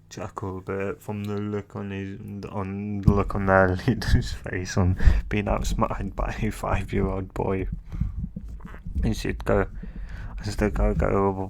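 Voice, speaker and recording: A man telling a fan fiction story off the cuff, rambling and halting with restarts and chuckles. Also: lowish voice, flat delivery, gravelly, a little hiss or hum. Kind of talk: improvised storytelling.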